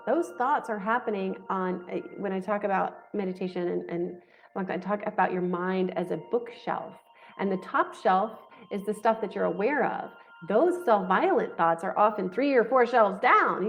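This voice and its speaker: A woman in her forties teaching in a frank, casual way, slipping into quoted inner voices. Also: medium pitch. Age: 40s. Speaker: spiritual coach.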